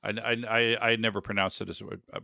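A man's voice: on the low side, little pitch movement, fast, gravelly, bright, forceful tone, no room sound, clean studio sound. A man hosting an interview, asking questions and often stumbling over repeated words. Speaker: interview host. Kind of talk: conversational interview.

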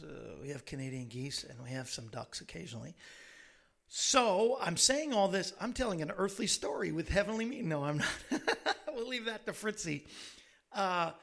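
A man's voice: on the high side, creaky, fairly bright tone. A man hosting a talk show, telling rambling stories in a casual way and laughing at his own jokes. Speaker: radio show host. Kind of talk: casual chat.

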